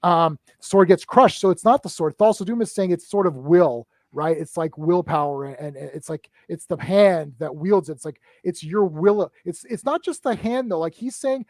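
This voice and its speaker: High-voiced man eagerly breaking down a film. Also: dry recording. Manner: animated, excited retelling of scenes; talks in quick bursts with frequent restarts and "right?" tags. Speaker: movie discussion panelist. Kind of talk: casual live-stream film chat.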